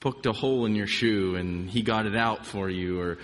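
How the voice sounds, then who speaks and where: A man giving an informal sermon, telling personal stories in a relaxed, conversational way with frequent restarts. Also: on the low side, moderate pace, in a large hall. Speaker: preacher.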